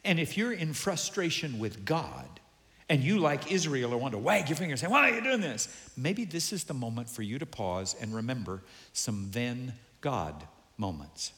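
A male pastor preaching a sermon, animated and humorous, acting out the voices of the people he quotes. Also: mid-range voice, moderate pace. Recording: long hall reverb.

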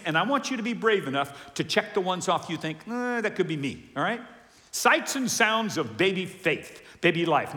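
Man, pastor, animated sermon, very lively pitch, echoing hall. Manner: animated, acts out quoted voices. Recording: reverberant hall.

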